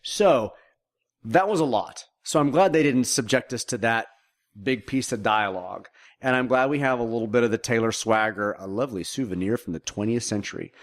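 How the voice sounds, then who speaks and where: A man co-hosting a podcast, chatting casually about a movie in an animated way and often repeating words as he starts a thought. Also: medium pitch, fairly quick. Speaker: podcast co-host.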